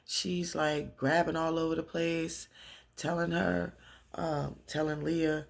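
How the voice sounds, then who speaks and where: A woman in a casual recap vlog, losing her voice, telling the story in an animated way and acting out the characters' lines. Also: low voice, unhurried, creaky. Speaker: TV recap vlogger.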